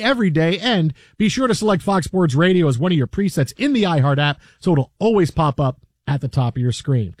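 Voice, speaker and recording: A man hosting a sports radio show, telling a story in an animated, rambling way full of fillers from a radio studio. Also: on the high side, no echo. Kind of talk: casual storytelling chat.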